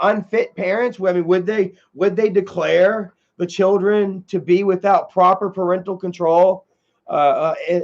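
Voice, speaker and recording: A man's voice: high voice, lo-fi sound. A man hosting a livestream, chatting casually and reading out viewer comments in a rambling way with many filler sounds. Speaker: livestream host.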